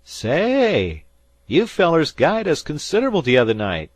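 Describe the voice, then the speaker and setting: A man voicing a folksy fisherman who drawls loudly across the water. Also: fairly high pitch, wildly swooping pitch, unhurried, no room sound, voice pushed up, full character voice. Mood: drawling. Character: loud drawling male fisherman hailing another boat.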